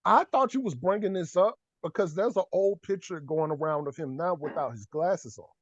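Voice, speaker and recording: A man co-hosting a casual podcast, joking and bursting into loud laughter with his friends. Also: sits high, moderate pace, no room sound. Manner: animated, loud laughing outbursts. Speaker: podcast co-host. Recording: dull lo-fi dry sound.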